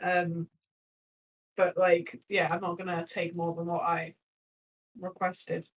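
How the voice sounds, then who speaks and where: A woman's voice: fairly low pitch, monotone, slow pace, distant mic, low-quality recording. A woman playing a tabletop game, chatty and laughing, swearing now and then as she talks through her character's actions. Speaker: player.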